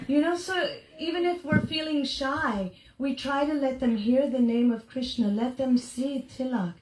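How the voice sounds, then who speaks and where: A woman's voice: sits high, moderate pace, few pauses, background noise. A middle-aged woman speaking as a devotional speaker to a gathering, telling anecdotes animatedly, acting out the people she quotes and laughing often. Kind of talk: storytelling talk to a gathering. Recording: echoey room.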